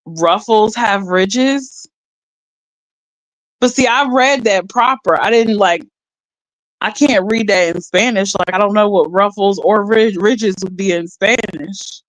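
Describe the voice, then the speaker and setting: A woman's voice: medium pitch, slow pace, no room sound, low-quality recording. A woman chatting casually on a livestream, rambling and laughing as she reads her viewers' chat aloud.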